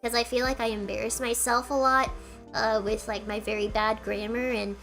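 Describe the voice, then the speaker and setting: A woman's voice: fairly high pitch, little pitch movement, normal speed, fairly bright tone, faint music behind. A woman streamer telling a rambling story in a casual, giggly way, full of filler words, with her throat getting tired. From United States.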